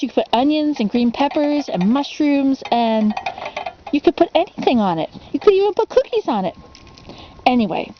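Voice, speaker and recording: A woman's voice: high-pitched, muffled recording, slight background noise. A woman casually reading a children's storybook for ASMR, rambling into asides and asking the listener questions.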